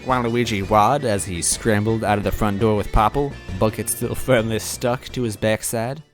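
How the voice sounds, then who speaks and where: A man's voice: lowish voice, fairly even intonation, normal speed, soft background music. A man reading fan fiction aloud in first person, adding wry asides to the listener. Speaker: story reader.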